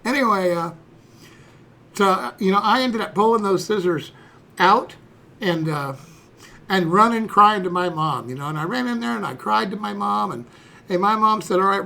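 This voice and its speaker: A man's voice: high-pitched, lively intonation, moderate pace, gravelly, pushed and bright. A man in his sixties, a streamer telling a personal story in a rambling, folksy way, dropping "you know" and "okay" throughout. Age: 60s.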